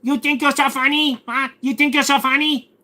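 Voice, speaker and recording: A man putting on a shrill indignant voice. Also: level tone, moderate pace, sharp tone, heavily acted. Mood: mocking. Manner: taunting, repeating himself.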